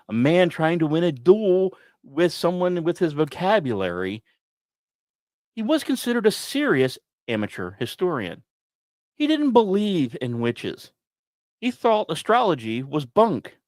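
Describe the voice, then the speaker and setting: A man hosting a podcast, telling a history story with dramatic pauses and wry asides. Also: no room sound, studio quality. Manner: dramatic, wry asides, lively pitch swings. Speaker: podcast host. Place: small dry studio.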